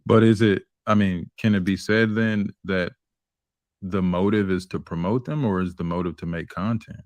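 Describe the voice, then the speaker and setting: A male panelist with a very deep voice presses his questions, pausing and restarting as he probes. The sound is dry and close. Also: steady tone, darkish tone, no echo. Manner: probing, questioning, halting. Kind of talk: live panel discussion.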